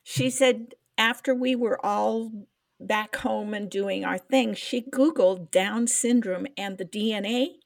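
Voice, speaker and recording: A woman's voice: mid-range voice, slow, creaky, no room sound. An older woman, a podcast co-host, telling an emotional personal story in casual chat, trying to hold back tears.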